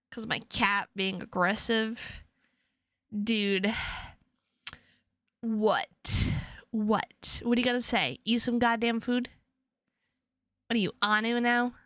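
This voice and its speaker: A young woman streamer rambles playfully to her chat, repeating words and drifting between topics. Her voice is bright and fairly high, and she talks at a slow, easy pace. The sound is dry and close to the mic. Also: no room sound. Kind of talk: casual chat with stream viewers.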